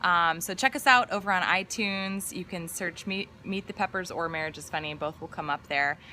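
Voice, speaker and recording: Chatty woman co-host, bright voice. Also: fairly low pitch, moderate pace, slight background noise. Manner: chatty, teasing, with fillers. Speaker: podcast co-host. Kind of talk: casual live-stream chat.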